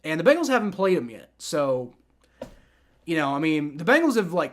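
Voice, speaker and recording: A man hosting a live football reaction stream, talking casually and rambling, with frequent restarts and swearing. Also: on the high side. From family from the American South. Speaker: livestream host.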